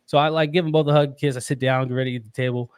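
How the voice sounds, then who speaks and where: Man, thirties, podcast guest, animated storytelling, dry recording. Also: medium pitch, very fast, clear, resonant tone, dry recording. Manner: animated, laughs often, acts out quoted voices. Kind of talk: storytelling in casual conversation.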